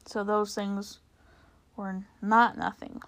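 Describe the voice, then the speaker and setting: A woman teacher walks through examples from a novel in a relaxed, conversational way. Her voice sits in a middle pitch, and she often restarts her sentences and fills pauses with small words as she thinks. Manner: conversational, many fillers and restarts. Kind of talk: literature lesson explaining a novel.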